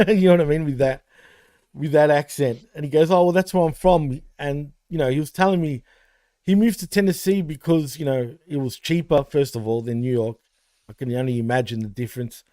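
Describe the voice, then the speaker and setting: A man's voice: on the high side, fairly quick, dark tone, dry recording. A man co-hosting a wrestling podcast, paying a rambling, heartfelt tribute to a late friend, full of fillers. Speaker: podcast co-host.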